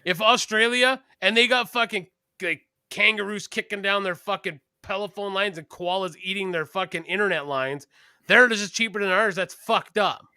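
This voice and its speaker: A man's voice: sits high, normal speed, bright, forceful tone, smooth, dry recording, studio quality. A Canadian man co-hosting a casual podcast, blunt and profane, ranting about prices. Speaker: podcast co-host.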